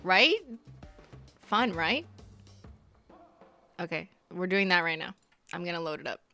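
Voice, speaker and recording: Bright-voiced woman streamer. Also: on the low side, expressive, measured pace, faint music behind. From Canada. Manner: chatty, giggly, talks to chat. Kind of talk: casual live-stream chat while gaming.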